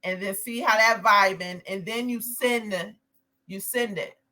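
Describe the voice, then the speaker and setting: A woman co-hosting a podcast, explaining her point in relaxed casual chat. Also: mid-range voice, unhurried. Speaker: podcast co-host.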